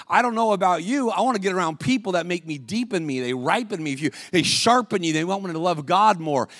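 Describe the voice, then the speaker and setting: A man preaching as a guest speaker at a church service, calling out to the congregation and rising to shouts. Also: high voice, dry recording, studio quality. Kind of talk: sermon. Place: church sanctuary.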